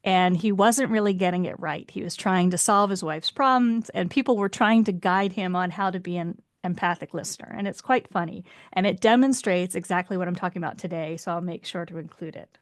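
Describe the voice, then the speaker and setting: A woman relationship coach, calmly explaining advice for couples and acting out short example exchanges. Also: fairly low pitch, brisk, few pauses, no echo, clean studio sound. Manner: calm, explanatory, acts out example dialogue.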